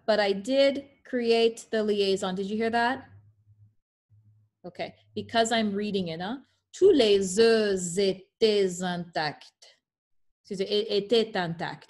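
A woman teaching French pronunciation in an online class over a video call. She reads French examples carefully and adds playful asides. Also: medium pitch.

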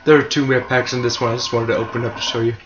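A man's voice: mid-range voice, racing. Young man rambling over a game. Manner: rambling, self-mocking, with sarcastic asides. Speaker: gamer commentating his own speedrun. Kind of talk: casual play-by-play commentary. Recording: muffled lo-fi with steady hiss.

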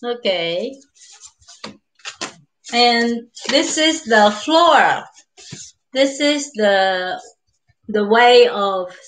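An older woman with a Japanese accent teaching beginners, slowly repeating each word, greeting viewers and laughing often. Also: medium pitch, fairly bright tone. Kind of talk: live-streamed beginner language lesson.

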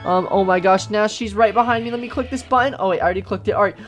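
A woman giving excitable game commentary, gasping and shrieking as she plays. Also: mid-range voice, very fast, soft background music. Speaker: gaming host.

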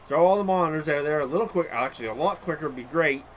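A young man hosting a gaming channel, giving excitable let's-play commentary with loud outbursts and mild swearing. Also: a little high, very fast, a crowd in the background.

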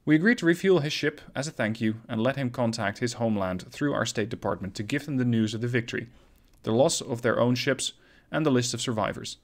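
Gaming guy reading out a naval war story, relaxed, mid-pitched voice, chill asides with some uhs. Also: a little fast. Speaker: gaming video host. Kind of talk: reading a scenario story aloud.

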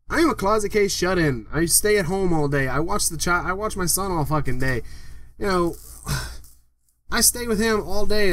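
Man, young, high voice, ranting vlog, swears constantly, bursts into yelling, bedroom mic. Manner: ranting, swears a lot, loud outbursts. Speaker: vlogger. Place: home bedroom. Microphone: desktop microphone.

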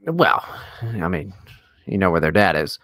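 A man's voice: sits low, very animated, a little slow, fairly bright tone, dry recording, clean studio sound. A man co-hosting a podcast in casual chat, talking in a sarcastic, mocking, profane way. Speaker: podcast co-host.

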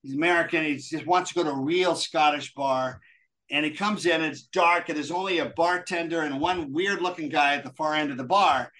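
A man telling a joke and chatting as a podcast guest in an animated, friendly way. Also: on the high side, fairly quick. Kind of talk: casual storytelling and chat.

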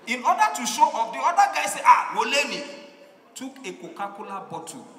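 A man's voice: very high voice, quick pace, reverberant, long reverb tail, slight background noise. A man with a Nigerian accent doing stand-up comedy, telling a story and acting out its characters. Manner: animated storytelling, acting out voices, shouting punchlines.

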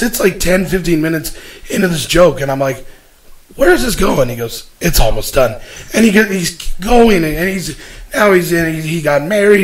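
A man's voice: on the high side, low-quality recording. A male show host chatting casually and telling a long story in a meandering way, full of fillers. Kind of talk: casual chat.

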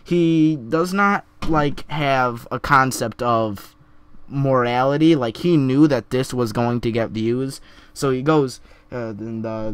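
A young man giving an earnest opinion commentary vlog, halting often and repeating words as he speaks. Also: medium pitch, clear, resonant tone. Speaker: vlogger.

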